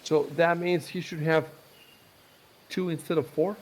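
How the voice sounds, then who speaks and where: Male game master, halting delivery, slightly raised pitch, faint noise. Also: level tone, poor audio. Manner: hesitant, many fillers and restarts. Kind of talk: tabletop game rules talk.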